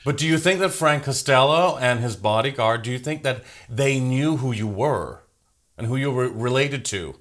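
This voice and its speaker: A man's voice: medium pitch, normal speed, fairly bright tone. A man hosting an interview, asking curious, rambling questions. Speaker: interview host. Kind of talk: casual interview.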